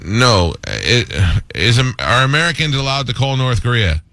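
A man hosting a radio show, teasing his co-hosts in casual banter with quick comebacks. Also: mid-range voice, very animated, bright, forceful tone.

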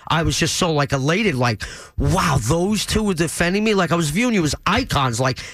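A man's voice: a little high, animated, a little fast, a bit bright, dry recording. A man, a radio show guest, defending himself with stiff formal apologies in a heated studio argument.

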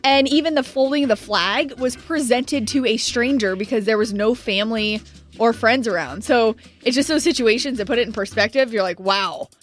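Young female co-host, high voice, emphatic and animated storyteller, light music behind. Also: moderate pace. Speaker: radio co-host. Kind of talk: morning radio chat.

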